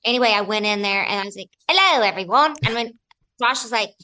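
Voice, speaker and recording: Bright-voiced woman telling stories. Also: mid-range voice, fast talker. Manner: animated, acts out other people's lines. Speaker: actress guest. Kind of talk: casual interview storytelling.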